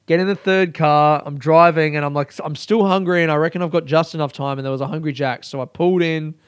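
A man telling a personal story in a casual monologue. He talks in an animated way, swears freely and laughs often. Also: on the high side, fast, smooth, dry recording, clean studio sound. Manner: animated and profane, with frequent laughter. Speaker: solo storyteller.

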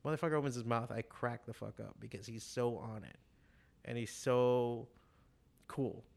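Profane, animated man in casual chat. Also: medium pitch, moderate pace, vocal fry. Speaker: comic artist and shop owner.

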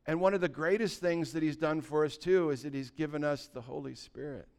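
Guy preaching at church, kinda high clear voice, gets real fired up then goes quiet. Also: brisk. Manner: animated, swings from quiet asides to excited shouting. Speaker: pastor. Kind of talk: sermon. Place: church sanctuary with congregation.

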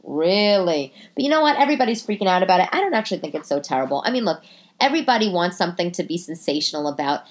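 A woman's voice: on the low side, big pitch swings, very fast. A woman hosting her podcast alone from her living room, talking into a computer microphone in a rambling, profane, self-mocking comedic monologue full of restarts. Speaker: podcast host.

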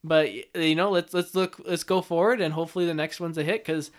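Casting: man, fairly high voice, relaxed chatty podcast co-host who laughs easily. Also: fairly quick. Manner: laid-back, laughs easily, fond of fillers. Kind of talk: casual chat.

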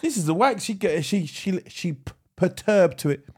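A man's voice: high voice, lively intonation, normal speed, slightly rough. A man co-hosting a podcast, teasing his friend in crude casual banter and laughing often. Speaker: podcast co-host.

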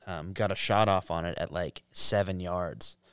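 A man in his thirties telling a hunting story in casual podcast chat, animated, laughing often and swearing freely. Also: low voice, normal speed, smooth, no echo, studio quality. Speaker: podcast co-host.

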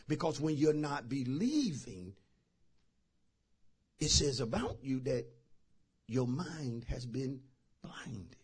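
A middle-aged male pastor preaching a sermon in a church, telling folksy stories and building into shouted preaching. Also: a little high, breathy edge. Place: church sanctuary.

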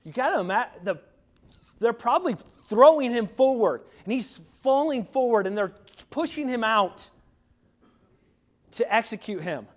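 A man's voice: very high-pitched, lively intonation, unhurried, pauses often. A middle-aged man, a pastor, preaching a sermon in a conversational way, with many fillers and restarts.

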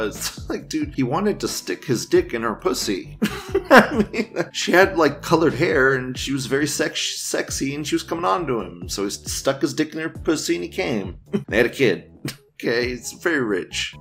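Laid-back crude-talking man. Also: medium pitch. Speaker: streamer reading forum posts. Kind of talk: casual commentary.

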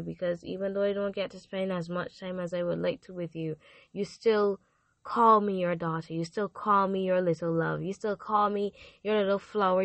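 A teenage girl hosting her own podcast, earnestly and repeatedly thanking her listeners, her voice going hoarse. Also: mid-range voice, no room sound. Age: teens. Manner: earnest and repetitive, gushing thanks. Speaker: podcast host. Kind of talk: casual faith podcast monologue.

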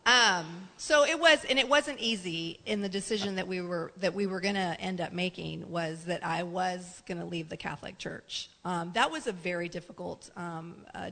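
A woman's voice: on the low side, vocal fry, a bit bright. A middle-aged woman telling a couple's story to an audience in a chatty, rambling way, full of fillers and acted quotes. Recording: reverberant hall.

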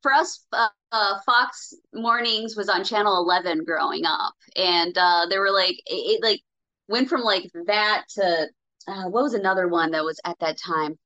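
A woman's voice: mid-range voice, normal speed, sharp tone, muffled recording. A woman in her thirties or forties from Minnesota, a podcast guest chatting casually and enthusiastically with lots of fillers. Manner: enthusiastic, rambling with many fillers. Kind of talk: casual chat.

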